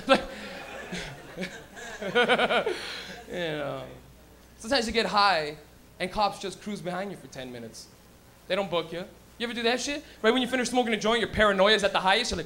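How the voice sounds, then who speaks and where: High-voiced brash comic. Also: male voice, expressive, fast talker, pushed and bright, a little hiss or hum. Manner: brash and profane, acting out characters' voices. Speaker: stand-up comedian and host. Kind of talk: stand-up comedy routine. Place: live comedy lounge.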